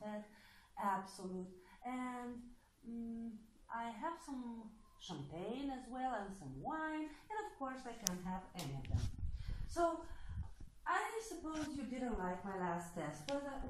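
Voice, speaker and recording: A woman from Eastern Europe talking in a blunt, sarcastic casual monologue, swearing freely as she addresses applicants to her test. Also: a little high. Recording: echoey room with faint noise.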